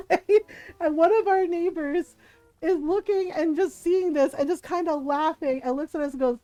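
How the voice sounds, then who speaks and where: High-voiced woman telling a story, laughing. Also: normal speed, no echo, poor audio. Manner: laughing often, animated, acting out quotes. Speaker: streamer. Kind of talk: casual storytelling on a livestream.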